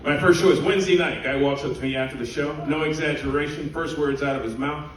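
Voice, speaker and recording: Stand-up comedian, echoey and distant. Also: male voice, a little high, quick pace, few pauses. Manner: animated storytelling with laughter. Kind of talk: stand-up routine. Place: cruise ship theater, live audience. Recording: echoey room from far off, audience noise.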